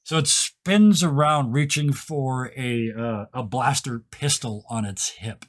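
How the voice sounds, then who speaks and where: Casting: male game master narrating a tabletop scene, mid pitch, describes things at length with fillers. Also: slow.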